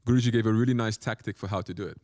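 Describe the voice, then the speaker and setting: A man's voice: on the low side, steady tone, very fast, a little mellow, no room sound, clean studio sound. A man, a monk, giving a spiritual lecture with playful, self-mocking asides and short phrases repeated for emphasis. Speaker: monk teacher.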